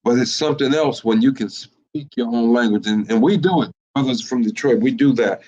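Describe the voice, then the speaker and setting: A male preacher teaches his congregation, repeating phrases and stumbling over his words. He often stops to ask his listeners whether they follow him. His medium-pitched voice comes through a dull, muffled, lo-fi recording. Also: warm tone. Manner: repetitive, halting, with many fillers and rhetorical questions. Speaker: teacher of a religious group. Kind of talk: sermon-style teaching.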